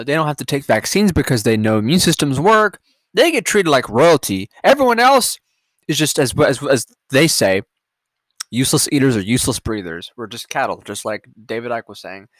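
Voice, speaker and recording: A man's voice: on the high side, fairly bright tone, no echo. A man hosting a podcast, reacting to headlines in a rambling, profane, sarcastic rant. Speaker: podcast host. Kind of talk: casual news-reaction rant.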